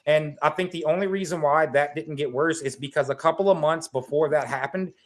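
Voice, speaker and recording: A guest on a casual podcast chat joins by remote call, the audio carrying the typical video-chat sound. His voice is slightly higher and a little fast as he tells a story with lots of energy, rambling, swearing, and piling on fillers.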